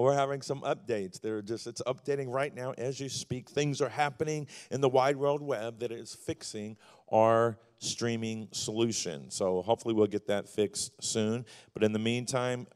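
A man hosting a church service, giving announcements and a short devotional with animated, rising emphasis. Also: on the low side. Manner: animated, builds to loud exclamations. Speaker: church host.

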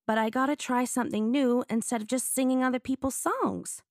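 An eager young girl with big dreams, as a woman reader puts her on, talking earnestly and a touch higher than the narration. The recording is dry and close. It plays as an audiobook scene. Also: steady tone, brisk, no echo.

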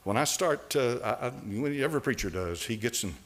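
An older man preaching a sermon in a church, swinging from loud, fervent lines to hushed ones. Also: medium pitch, lively intonation, a little fast. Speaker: pastor. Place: church sanctuary.

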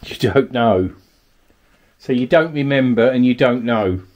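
A man's voice: mid-range voice, measured pace, a little mellow, highs cut off. A man from Kent, a paranormal investigator in an abandoned cottage at night, calling out politely to spirits and coaxing them to answer. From Kent, England. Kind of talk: ghost-hunting narration.

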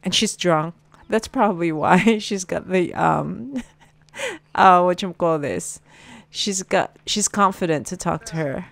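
A woman's voice: on the low side, animated, a little slow, vocal fry, no room sound. A woman giving casual gameplay commentary, chatting to her game characters with plenty of fillers. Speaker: gameplay streamer.

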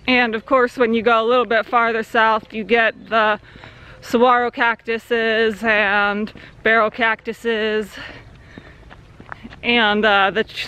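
A woman's voice: fairly high pitch, sharp tone. A young woman from Central Arizona, talking casually in a rambling vlog by a creek swimming hole, with many fillers. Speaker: vlogger. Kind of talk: casual outdoor vlog talk.

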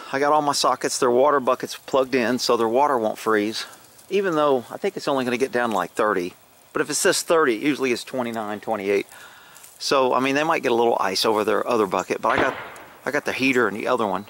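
Speaking fairly quickly in a medium-pitched, fairly bright voice, a middle-aged horse-owning vlogger holds a handheld phone outside and tells a meandering story. He's chatty, curses casually, and chuckles at himself.

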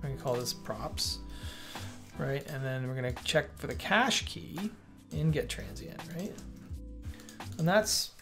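Gravelly-voiced male dev instructor, casual and self-correcting, over quiet background music. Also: mid-range voice, very animated, unhurried, long pauses. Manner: thinking aloud, self-correcting, chatty asides to the viewer. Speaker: developer teaching coding on a livestream. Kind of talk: casual live coding walkthrough. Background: faint music.

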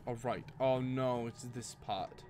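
A man's voice: mid-range voice, steady tone, unhurried, over music. A young man giving casual gameplay commentary, jumpy and full of swearing and exclamations. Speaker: gameplay host.

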